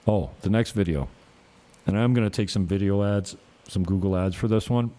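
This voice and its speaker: A man's voice: lowish voice, moderate pace, warm tone. A man in his fifties, a realtor hosting his own channel, chatting casually in a rambling, profane way and chuckling often. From Canada. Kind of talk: casual rambling vlog chat.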